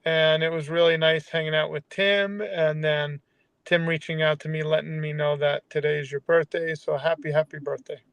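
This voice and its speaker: A man giving a casual birthday greeting from his parked van, halting with many fillers. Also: a little high, little pitch movement, a bit bright, clear, resonant tone, no room sound. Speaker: guest.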